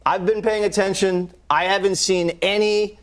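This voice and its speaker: A male TV pundit with a notably high voice for a man. He recounts events in a chatty, conversational way on a news panel. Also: fairly even intonation, normal speed, smooth.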